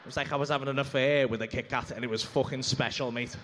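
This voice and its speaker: A man's voice: medium pitch, steady tone, fast, fairly bright tone, in a large hall, a little hiss or hum. A young man telling a rambling, sweary stand-up story on a comedy club stage. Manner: brash, sweary, rambling anecdote full of asides.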